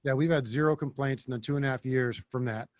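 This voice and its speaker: A man hosting a podcast interview, talking bluntly and casually and thinking out loud. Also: mid-range voice, steady tone, quick pace, no echo. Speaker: podcast host.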